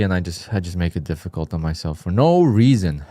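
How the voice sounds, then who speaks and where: A man's voice: low-pitched, very animated, brisk, dark tone, no room sound. Frustrated man muttering over his trades. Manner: frustrated, self-scolding muttering with sudden outbursts. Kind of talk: live trading commentary.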